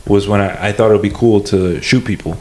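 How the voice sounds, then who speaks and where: Joking young man, low voice. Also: steady tone, fairly quick, a little hiss or hum. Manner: joking, crude banter. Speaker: podcast co-host. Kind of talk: casual chat.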